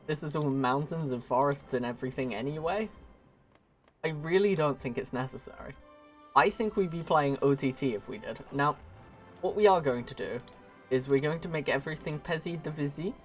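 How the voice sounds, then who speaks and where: Chatty young man streaming a strategy game. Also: on the high side. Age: young adult. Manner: chatty, jokey, self-mocking asides. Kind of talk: casual gameplay commentary.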